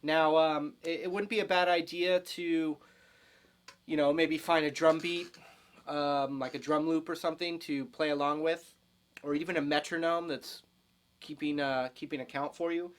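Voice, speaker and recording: A man's voice: a little high, steady tone, moderate pace. A man in his thirties teaching a spoken electric guitar lesson, talking casually with fillers and restarts, counting and scatting rhythms aloud. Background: electric guitar playing.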